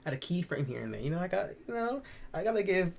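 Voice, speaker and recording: A man's voice: high-pitched, big pitch swings, fast, vocal fry, a little mellow. A young man chatting casually and animatedly as he reacts to his own old videos, campy and swearing freely.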